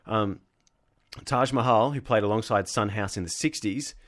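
A man's voice: lowish voice, moderate pace, a bit bright. A man co-hosting a casual podcast, reading out his research notes and stopping to laugh and correct himself. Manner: narrates from notes with frequent laughs and self-corrections. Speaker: podcast co-host presenting the research.

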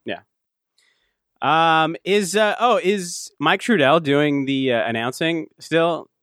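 A man's voice: on the high side, takes it slowly, a bit bright, no echo, clean studio sound. A man co-hosting a casual sports podcast, talking bluntly, swearing now and then and laughing often. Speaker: podcast co-host.

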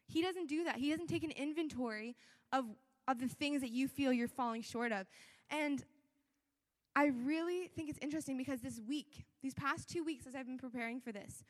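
High-voiced young woman preaching in an echoing hall. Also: fairly quick. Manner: conversational, earnest, with many fillers. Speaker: church speaker. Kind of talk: sermon. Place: church hall. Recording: long echo of a large hall.

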